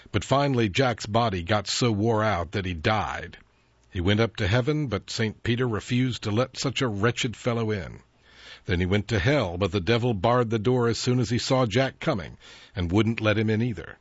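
A man narrating a spooky tale in a slow, dramatic scripted delivery, with a husky voice, in a dull, dry recording. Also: lowish voice, dry recording. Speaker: storyteller.

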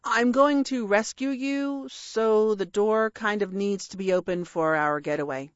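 A woman's voice: mid-range voice, unhurried, clean tone, no echo, muffled recording, lightly acted. A woman voicing an earnest, bumbling young male dragon who speaks in a flustered, grandly heroic way in an audiobook reading.

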